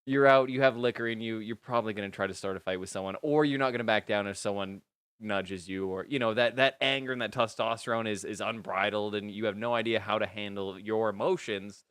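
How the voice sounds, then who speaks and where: A man's voice: lowish voice, fairly quick, a bit bright, clean tone, no room sound. A man hosting a casual chat, earnest and rambling, laughing easily. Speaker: podcast host.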